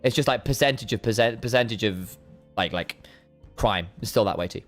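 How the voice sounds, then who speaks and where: A man's voice: fairly low pitch, a little fast, faint music behind. A man, a co-caster on a live stream, chatting casually to his viewers in a rambling way and often stopping mid-sentence to repeat words. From United Kingdom. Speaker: esports co-caster.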